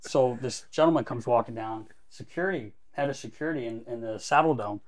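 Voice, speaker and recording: A man's voice: mid-range voice, a little fast. A male podcast co-host telling stories with energy and acting out other people's lines. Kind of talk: animated storytelling.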